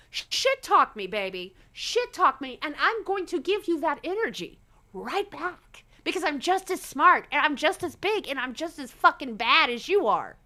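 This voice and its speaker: A sassy woman chatting on a livestream, her voice high and very lively. She sounds bright and animated as she talks from an airport. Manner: sassy, animated, laughs often. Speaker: livestream co-host. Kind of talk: casual chat.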